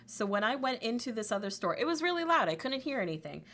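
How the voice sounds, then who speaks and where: A woman's voice: very animated, quick pace, a bit bright, a little hiss or hum. A woman livestreamer in casual chat, talkative, laughing often and swearing freely. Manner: chatty, swears, laughs often, quotes memes in a squeaky voice.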